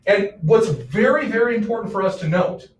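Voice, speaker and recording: An animated male history teacher lectures his class, his voice riding high and swinging widely in pitch. He jokes and keeps throwing questions out to the room. The sound is echoey and distant, caught from across the classroom with a faint hum underneath. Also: moderate pace. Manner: animated, joking, fires off questions. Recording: echoey classroom, mic far off.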